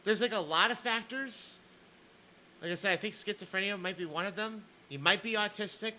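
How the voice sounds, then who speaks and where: A man's voice: high-pitched, a little fast, bright, forceful tone, a little hiss or hum, rough recording. A man streaming a sarcastic rant, stammering and repeating words as he comments on clips.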